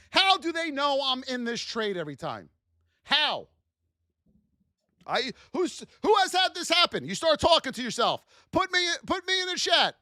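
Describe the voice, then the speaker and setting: A man's voice: very high voice, sharp tone, no echo, clean studio sound. A man teaching a live trading class, speaking animatedly to his chat and acting out traders' frustrated self-talk. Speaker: trading instructor.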